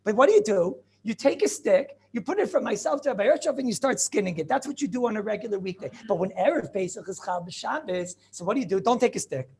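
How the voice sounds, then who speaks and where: Gravelly-voiced rabbi teaching a lively class. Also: male voice, sits high, fast, few pauses. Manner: animated, full of rhetorical questions and asides. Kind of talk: lively Talmud lesson to students.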